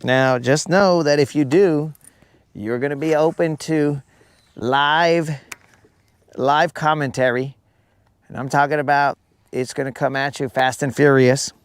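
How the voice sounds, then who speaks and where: A man's voice: fairly high pitch, steady tone, measured pace, pauses often, clear, resonant tone. A man hosting a live fishing stream, chatting casually with viewers and trading teasing jokes full of slang.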